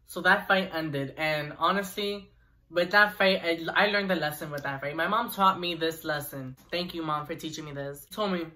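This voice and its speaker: A young man vlogger telling a personal story in an animated, chatty way with asides to viewers. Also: on the high side, normal speed. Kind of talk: storytime vlog.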